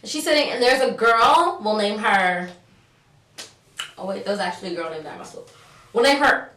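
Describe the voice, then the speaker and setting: A woman's voice: mid-range voice, normal speed, far from the mic, slight background noise. A young woman telling a story in casual, slangy vlog talk, acting out the dialogue. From New York. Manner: animated, slangy, acts out dialogue. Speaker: vlogger. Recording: roomy, set back from the mic.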